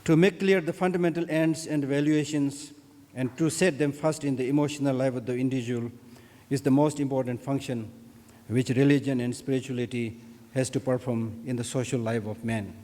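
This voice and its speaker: A man giving a formal, measured speech on Buddhism and knowledge at an opening ceremony. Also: medium pitch, fairly even intonation, warm tone. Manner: measured, deliberate delivery with emphatic repetitions. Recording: long hall reverb.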